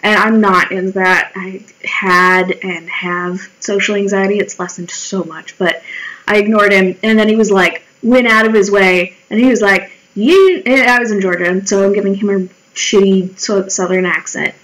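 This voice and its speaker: A woman's voice: mid-range voice, steady tone, moderate pace, fairly bright tone, low-quality recording. A woman in her twenties chatting casually and wryly while she draws, swearing freely and acting out her own remarks in quoted voices. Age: 20s. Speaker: vlogger. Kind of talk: casual storytelling while drawing.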